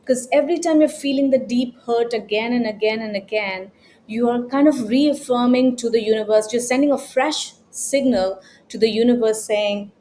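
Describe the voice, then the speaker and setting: A woman's voice: on the high side, moderate pace, mellow, a little hiss or hum, rough recording. A woman self-help coach talking in a motivational vlog, earnest and asking pointed rhetorical questions.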